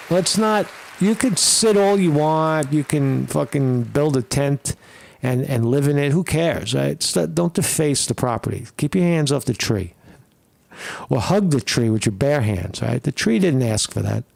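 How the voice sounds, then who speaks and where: A man's voice: on the high side, animated, a little slow, vocal fry, a little mellow, no echo. A man casually commenting on a video he plays, rambling and profane, with many fillers and restarts.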